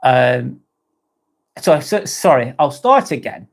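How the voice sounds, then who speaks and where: A man's voice: mid-range voice, very animated, slow pace, gravelly, slightly rough. A man hosting a casual livestream chat, reading out viewer comments, swearing casually and laughing often. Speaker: livestream host.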